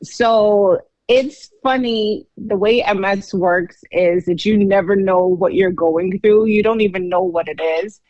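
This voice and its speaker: A woman's voice: medium pitch, unhurried, hardly any pauses, darkish tone, no echo, lo-fi sound. A woman co-hosting a podcast, telling her own story in a candid, chatty way. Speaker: podcast co-host.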